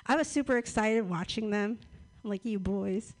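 A woman's voice: on the high side, a little fast. A woman stand-up comedian talking in a profane, offhand way about her set. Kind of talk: casual stand-up and workshop chat.

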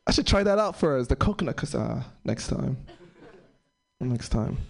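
A young man performing a stand-up comedy set, rambling and halting with many fillers, breaking into sudden high-pitched outbursts. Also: lively intonation, vocal fry.

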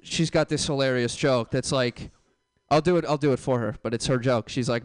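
A young man working a comedy club stage with a handheld mic, loud and jokey with the crowd. His voice is smooth and clean, and the sound is dry and close, with little room around it. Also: medium pitch, fairly quick, dry recording. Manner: loud, jokey crowd banter with sudden yelps. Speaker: stand-up comic. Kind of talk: stand-up comedy set.

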